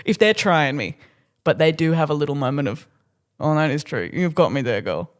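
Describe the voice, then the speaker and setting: A woman's voice: deep voice, lively intonation, brisk. Giggly young woman podcaster. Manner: giggly, self-mocking, acts out quotes. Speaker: podcast co-host. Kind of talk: casual chat.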